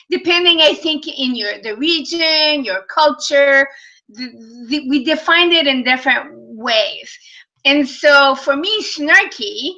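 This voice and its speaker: A woman co-hosting a casual talk, thoughtful and halting, with fillers. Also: high-pitched, bright, forceful tone, dull audio. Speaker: co-host, stepmom coach. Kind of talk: casual chat.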